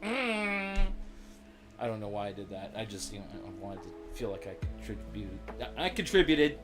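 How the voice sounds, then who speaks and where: A man's voice: on the low side, sing-song, normal speed, music in the background. A man hosting a podcast, joking around and asking rambling questions in a casual chat. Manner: playful, jokey, rambling questions. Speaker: host.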